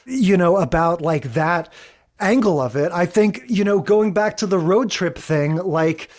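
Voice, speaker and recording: A man's voice: sits high, lively intonation, measured pace, a little mellow. A man co-hosting a podcast, chatting casually with plenty of fillers and recounting scenes. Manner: conversational, many fillers, quotes scenes in voices. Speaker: podcast co-host. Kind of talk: casual chat.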